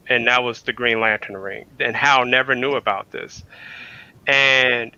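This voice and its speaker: A man's voice: medium pitch, sharp tone. A man guest on a casual podcast, retelling a story in a rambling way with many fillers. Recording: dull lo-fi mic.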